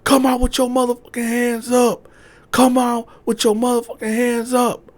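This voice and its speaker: A man voicing aggressive police officers who bark harsh, loud commands. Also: very high voice, monotone, normal speed, pitched above the performer's own voice.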